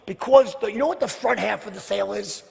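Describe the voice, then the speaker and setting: At a live sales seminar, a man talks fast and directly to his audience, throwing out rhetorical questions and swinging from loud bursts to hushed near-whispers. His voice sits high and is creaky, with a long reverb tail.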